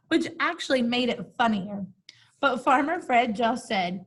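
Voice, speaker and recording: Slow, husky woman reading a storybook aloud. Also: on the high side, lively intonation, fairly bright tone, rough recording. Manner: casual, amused, talks to listeners as "guys". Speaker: storybook reader. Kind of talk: reading a picture book aloud with chatty asides.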